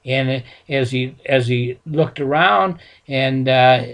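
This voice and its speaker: A male preacher retelling a Bible story in a folksy, halting way, full of restarts. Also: medium pitch, a bit bright. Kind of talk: sermon storytelling.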